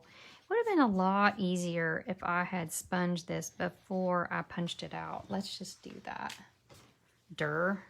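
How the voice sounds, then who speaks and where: A gravelly-voiced woman talks slowly through a papercraft demo, thinking aloud as she works. A faint hiss sits under the recording. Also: on the low side. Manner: chatty, thinks aloud while working, drops to a whisper while concentrating. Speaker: papercraft demonstrator. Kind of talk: casual crafting tutorial.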